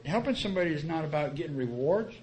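A man's voice: fairly high pitch, animated, fast, a little mellow. A man sharing his personal story at a recovery meeting, earnest and colloquial, often repeating his key phrases. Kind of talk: plain-spoken personal testimony.

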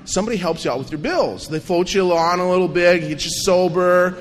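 Telling his recovery story to an audience at a meeting, a man with a fairly high voice speaks fairly quickly, animated and self-mocking, throwing in coarse jokes. A long hall reverb rings behind him, with slight background noise.

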